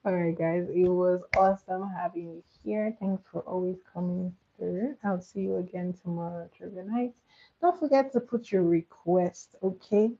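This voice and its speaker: A woman's voice: fairly low pitch, fairly even intonation, moderate pace, warm tone. A woman hosting a casual live stream, chatty and laughing often as she answers viewers' comments. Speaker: livestream host. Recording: tinny phone-like audio.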